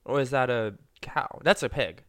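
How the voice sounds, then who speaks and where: A young man chatting casually on a podcast, rambling from one thought to the next with plenty of fillers. His voice is smooth and clear, at a middling pitch, and the room sounds dry and close. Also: normal speed, dry recording. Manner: animated, rambling with many fillers. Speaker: podcast co-host. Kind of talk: casual chat.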